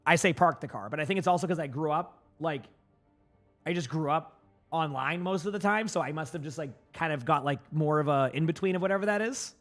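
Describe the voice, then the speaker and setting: Faint music plays behind a Massachusetts man, accentless, whose pitch sits fairly high with a slightly bright tone. He rambles offhandedly to his stream chat, heavy on filler words and quick to answer viewers.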